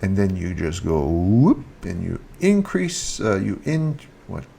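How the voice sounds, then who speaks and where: Slow, lively-voiced male teacher. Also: vocal fry, husky. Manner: repeats example sentences, rising pitch on question words. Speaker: French teacher. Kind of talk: video lesson explaining grammar.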